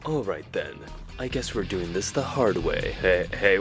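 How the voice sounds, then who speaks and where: A man's voice: sits low, lively intonation, normal speed, music in the background. A man in his twenties hosting an animation channel, giving joking, self-deprecating comedic commentary.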